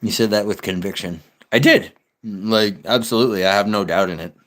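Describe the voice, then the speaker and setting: Young streamer, low-pitched, blunt and profane, loose conversational rambling. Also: male voice, a little fast, fairly bright tone. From United States. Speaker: live streamer. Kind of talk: casual livestream chat reading comments.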